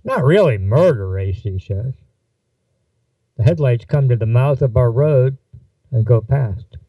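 A man reading a first-person story aloud, giving the characters' lines with shifts in pitch. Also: lively intonation, measured pace, mellow, no room sound, recorded from a distance, low-quality recording. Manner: voices dialogue with shifts in pitch. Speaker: narrator. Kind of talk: audiobook-style fiction reading.

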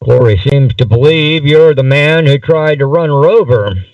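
A man's voice: mid-range voice, moderate pace, a little mellow, no room sound, lightly acted. A man voicing a tired, flustered family father in a story he reads aloud. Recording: dull, distant mic.

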